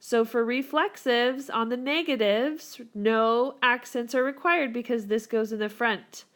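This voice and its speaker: Woman teacher, whiteboard lesson, encouraging, slightly high voice, unhurried. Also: fairly bright tone. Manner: upbeat, encouraging, addresses students fondly. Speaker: Spanish teacher.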